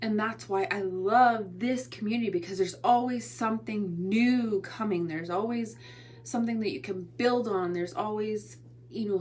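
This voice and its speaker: This is a tired woman hosting a casual motivational livestream; she's an online entrepreneur and motivational host. She chats and rambles, often restarting sentences, in a husky, darkish voice of medium pitch.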